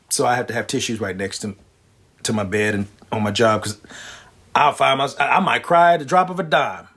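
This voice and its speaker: Husky man, animated comic storyteller. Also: a little high. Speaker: comedian and prostate cancer survivor. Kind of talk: stand-up comedy monologue.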